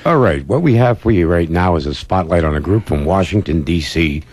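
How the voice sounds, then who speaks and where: A man's voice: sits low, animated, a little fast, darkish tone, dry recording. A man co-hosting an oldies radio show, announcing records with their years and labels.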